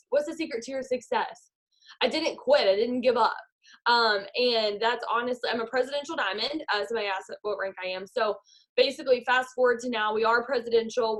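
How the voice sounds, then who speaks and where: Speaking over a video call, this network marketing leader in her 20s delivers an upbeat motivational talk and leads a visualization. Her voice is on the high side with a fairly bright tone.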